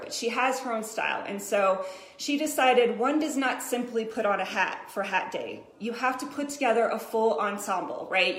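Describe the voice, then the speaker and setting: A woman's voice: mid-range voice, a bit bright. A woman in her thirties, a business coach, telling a chatty motivational story to her viewers with many "right?" asides. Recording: echoey room.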